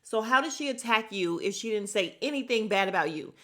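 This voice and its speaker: Bright, gossipy woman recapping. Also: medium pitch, brisk. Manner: animated, gossipy, acts out quotes from the show. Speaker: podcast host recapping a reality show. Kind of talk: casual recap chat.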